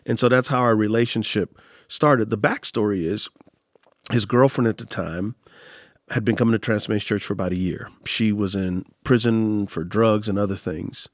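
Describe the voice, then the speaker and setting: Animated storytelling pastor, deep voice. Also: male voice, moderate pace, dry recording, clean studio sound. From San Antonio, Texas. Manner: animated storyteller, acts out quotes. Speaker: pastor and author. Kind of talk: storytelling in an interview.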